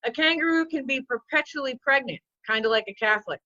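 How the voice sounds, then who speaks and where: A woman in her forties, a comedian rambling through self-mocking stand-up bits with a deadpan delivery. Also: sits high, quick pace, no room sound, lo-fi sound. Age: 40s.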